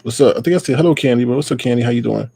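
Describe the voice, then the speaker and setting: A man's voice: medium pitch, racing, gravelly, warm tone, husky, no room sound. A man hosting a casual livestream, greeting viewers by name in a loose, playful way. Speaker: livestream host.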